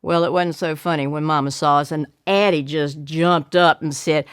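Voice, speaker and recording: An older woman telling a childhood story, acting out the shouts and voices of her family. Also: low voice, moderate pace, few pauses, no room sound, clean studio sound.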